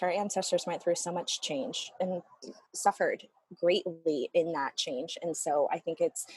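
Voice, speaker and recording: A woman's voice: lowish voice, slightly rough, no echo. A woman working as a family constellation therapist, talking earnestly and animatedly in an interview, with frequent restarts. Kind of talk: conversational interview.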